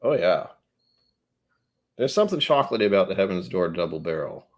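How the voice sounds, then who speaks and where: A man's voice: sits low, very animated, a little fast. A man hosting a casual whiskey tasting livestream, thinking aloud and correcting himself as he goes.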